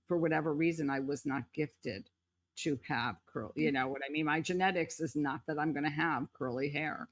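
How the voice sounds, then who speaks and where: A woman's voice: sits low, dry recording. A woman co-hosting a podcast, speaking thoughtfully and hedging her points with frequent "like" and "kind of.". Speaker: podcast co-host. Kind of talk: casual reflective chat.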